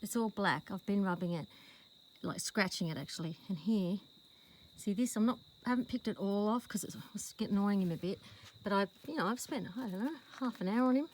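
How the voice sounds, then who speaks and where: An Australian woman vlogging outdoors with a handheld phone camera, chatting rambly and calling her horse in a high sing-song voice. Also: brisk, darkish tone, slight background noise, rough recording. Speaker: horse owner filming her rescue horse. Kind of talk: casual vlog to camera. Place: outdoors in a paddock.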